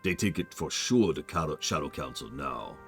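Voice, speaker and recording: A man's voice: a bass voice, expressive, normal speed, a bit bright, soft background music, heavily acted. A man voicing a dim-witted male ogre who talks in broken grammar. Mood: boastful, dumb.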